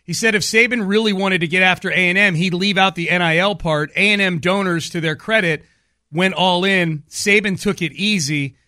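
High, bright-voiced sports radio host. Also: male voice, normal speed, no echo, clean studio sound. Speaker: sports talk show host. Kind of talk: casual sports radio chat.

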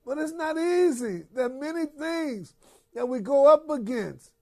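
A man's voice: very high-pitched, expressive, unhurried, a little mellow. A man preaching a sermon, reading Bible verses aloud and exhorting the listeners with repeated phrases and questions.

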